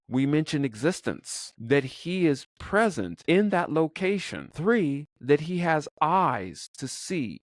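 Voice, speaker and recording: Animated man teaching with rhetorical questions. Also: medium pitch, no room sound, studio quality. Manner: poses rhetorical questions and repeats himself for emphasis; stops himself with "wait a minute". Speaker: podcast host. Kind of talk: Bible teaching podcast.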